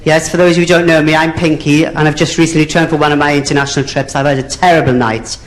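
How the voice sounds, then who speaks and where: A man's voice: on the high side, level tone, fast talker. A man with a Welsh accent performing a bawdy stand-up routine as a drag comedian, chatty and calling the audience "dear". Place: theatre stage.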